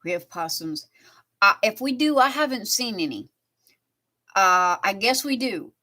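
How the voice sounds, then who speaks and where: A woman from the southern United States livestreams from home as she crafts, chatting casually and telling long, meandering stories. Her medium-pitched voice is animated, bright, and forceful.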